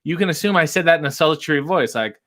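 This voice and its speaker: A man's voice: on the high side, animated, fast, a bit bright. Playful, theatrical man hosting a livestream. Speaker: livestream host. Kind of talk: casual chat reading live comments. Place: home set with ring light. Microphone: desk microphone.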